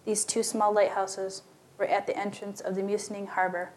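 A woman's voice: mid-range voice, level tone, fairly quick, darkish tone. A woman narrating a story aloud, lightly giving voice to the characters in plain storytelling. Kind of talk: scripted narration.

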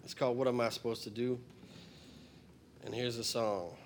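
A man's voice: medium pitch, steady tone, normal speed, a little hiss or hum. A middle-aged man, introducing his song in a rambling, plainspoken way and stating blunt opinions. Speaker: singer-songwriter and former firefighter.

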